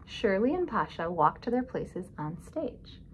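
A woman's voice: mid-range voice, unhurried, slight background noise, poor audio. Woman reading a picture book aloud. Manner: expressive, asks listeners questions. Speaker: storybook reader.

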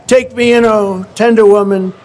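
A man's voice: sits high, steady tone, moderate pace, a little mellow, natural voice. A man voicing a sly, vicious male snake that begs to be taken in, in a pleading sing-song.

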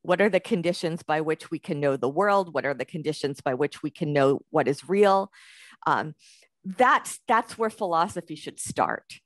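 A woman gives an academic lecture, her voice sitting low. She talks in a loose, conversational way, thinking aloud with fillers and restarts. The sound is dry, with no room around it. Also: lively intonation, normal speed, no echo. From United States.

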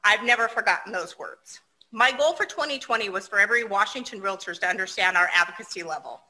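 Woman, outgoing president, video-call speech, bright and personable; mid pitch. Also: fast, poor audio. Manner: personable, lightly self-deprecating.

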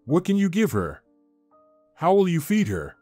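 Male narrator reads a desperate young father, halting and pleading, dry storybook read. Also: sits high, huge pitch swings, darkish tone, no room sound, faint music behind, voice pushed up, exaggerated voice. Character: grieving young man, gentle and desperate.

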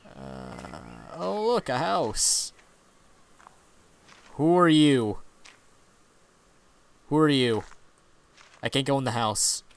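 A man's voice: medium pitch, big pitch swings, extremely slow, vocal fry, long pauses, clear, resonant tone. A man giving playful let's play commentary, reading game text aloud and pretending to be scared. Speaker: gamer.

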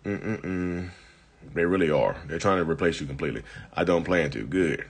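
Brief: male live-stream host, deep and husky, blunt and chatty with viewers, getting over an illness. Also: normal speed. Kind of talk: casual live chat reading viewer comments.

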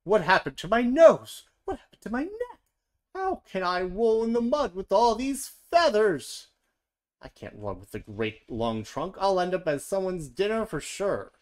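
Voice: medium pitch, sing-song, unhurried, pitched above the performer's own voice. A reader voicing a group of panicked warthogs who have turned into other animals, wailing and complaining in a storybook read-aloud.

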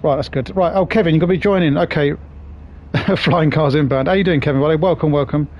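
A man's voice: a little high, fast talker, highs cut off. A man streaming a game, chatting casually with viewers, swearing and greeting them by name. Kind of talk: casual live-stream chat.

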